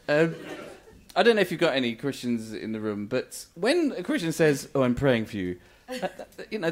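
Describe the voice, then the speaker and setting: A man doing stand-up comedy storytelling, animated and self-mocking, laughing through his lines. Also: a little high.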